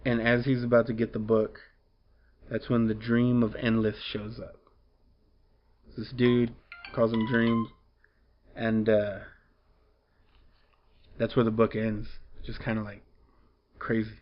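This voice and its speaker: A man's voice: fairly low pitch, level tone, slow, long pauses. Rambling man recapping comics, dull audio. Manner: rambling, with frequent fillers and restarts. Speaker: comic book reviewer.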